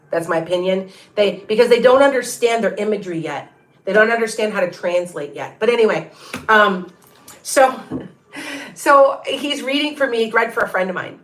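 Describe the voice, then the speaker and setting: A woman's voice: medium pitch, a bit bright. Middle-aged woman, tarot reader, loose rambling livestream chat with viewers. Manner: rambling, chatty, many restarts and asides.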